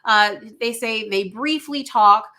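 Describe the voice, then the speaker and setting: Bright, chatty woman recapping a show. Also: a little high, takes it slowly. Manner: chatty, animated retelling with filler asides. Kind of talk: casual recap storytelling. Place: home room by a glass sliding door.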